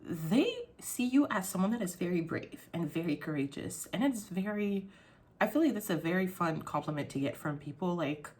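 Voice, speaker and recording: A young adult woman vlogging in casual chat, rambling and swearing freely, her voice jumping up when she gets excited. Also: lowish voice, moderate pace.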